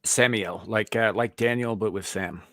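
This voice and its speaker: An American man in a casual chat, speaking in a calm, laid-back way. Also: fairly low pitch, brisk, no room sound. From United States.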